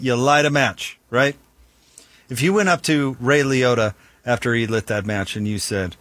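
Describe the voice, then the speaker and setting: A man's voice: mid-range voice, animated, moderate pace, fairly bright tone, dry recording. A male sports radio host chats on air in a wry, rambling way, circling back and restarting his sentences. His voice sits in an ordinary middle range and comes over a close studio microphone with a very dry, dead sound. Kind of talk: casual on-air banter.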